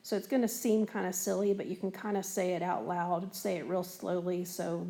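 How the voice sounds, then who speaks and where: A woman's voice: on the low side, flat delivery, normal speed, gravelly, hardly any pauses, mellow. A woman teacher explaining a lesson on a recorded whiteboard in a patient, step-by-step way, with frequent fillers. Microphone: tablet recording.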